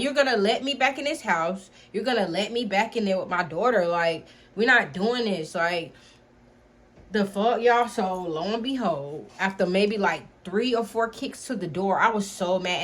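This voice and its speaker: A young woman telling a personal story to camera in a casual vlog, animated, talking straight to her viewers with a constant "y'all" and swearing freely. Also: on the low side. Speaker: storytime vlogger.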